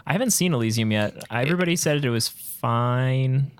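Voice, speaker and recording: A man's voice: medium pitch, animated, moderate pace, clean tone, dry recording. A man co-hosting a comics podcast in casual chat, laid-back with wry asides. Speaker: podcast co-host.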